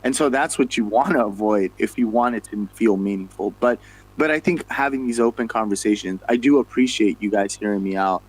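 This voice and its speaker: A man's voice: on the low side, brisk, breathy edge, poor audio. A man talking in a casual online chat, earnest and rambling, often correcting himself mid-sentence.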